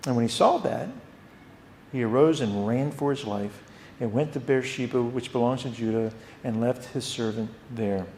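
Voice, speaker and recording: A man teaching a theology class at a church. He talks in an animated way and often repeats words. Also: mid-range voice, moderate pace, echoey room, slight background noise. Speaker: Bible teacher.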